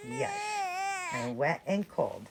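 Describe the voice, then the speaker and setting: A woman speaking for her baby doll, in soft, plaintive baby talk about being cold and wet. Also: extremely low pitch, wildly swooping pitch, slow, creaky, heavy background noise, exaggerated voice. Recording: loud recorded crying behind.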